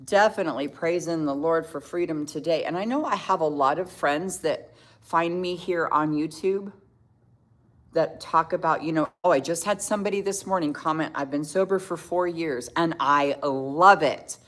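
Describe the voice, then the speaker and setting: A middle-aged woman with a deep voice hosts a relaxed makeup tutorial livestream. She's chatty, reads viewers' comments aloud and laughs readily.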